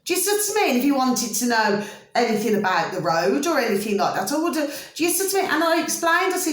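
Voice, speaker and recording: A woman talking at length to her viewers in a casual, rambling vlog, often checking "do you see what I mean" and swinging between emphatic high bursts and low muttered asides. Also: very animated, fast. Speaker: vlogger. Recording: echoey room.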